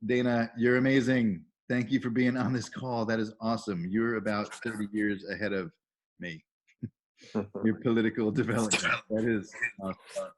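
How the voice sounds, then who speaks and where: Upbeat man hosting a video call, lowish voice. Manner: enthusiastic, reads out chat messages with upbeat praise. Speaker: volunteer trainer and call host. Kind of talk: casual welcoming on a video call.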